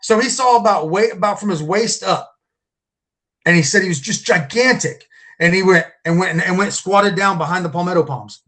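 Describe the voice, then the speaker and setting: High-voiced man telling a rambling story. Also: moderate pace, a bit bright. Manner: rambling, repeats and restarts words. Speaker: podcast guest, Bigfoot researcher. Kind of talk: casual storytelling.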